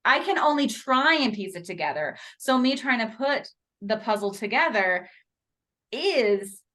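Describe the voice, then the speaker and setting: Podcast co-host lady, super animated, pitch all over the place, laughs a lot. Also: unhurried. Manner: animated, laughs often, reflective asides. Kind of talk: casual chat.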